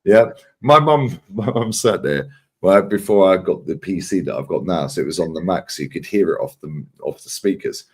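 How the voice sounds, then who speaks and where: A man's voice: deep voice, moderate pace, breathy edge. A man hosting a casual live chat, telling stories with lots of swearing. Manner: animated, swearing storyteller. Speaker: channel host.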